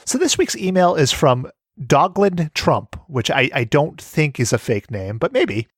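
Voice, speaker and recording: A man's voice: a little high, a little slow, dry recording, clean studio sound. A man hosting a casual podcast, joking around and reading listener mail aloud. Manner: jokey, animated, reads letters aloud. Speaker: podcast host.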